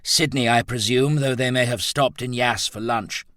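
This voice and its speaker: A man voicing a stern gentleman, clipped and strained under fear. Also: medium pitch, steady tone, normal speed, dry recording, clean studio sound, pitched above the performer's own voice, close to an everyday voice. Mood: tense. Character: older brother, stern, frightened gentleman.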